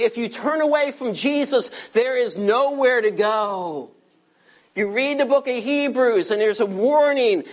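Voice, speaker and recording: High-voiced male preacher, emphatic. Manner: emphatic preaching, stretches key words slowly; addresses listeners directly, asks them to turn pages. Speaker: pastor. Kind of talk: sermon.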